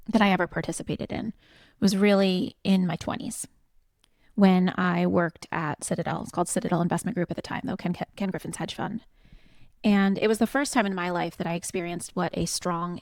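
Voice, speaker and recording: A woman's voice: lowish voice, gravelly, a little mellow, no room sound, studio quality. A woman in her forties co-hosting a podcast, telling a story in an earnest, passionate way. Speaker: podcast co-host. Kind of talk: reflective conversational podcast talk.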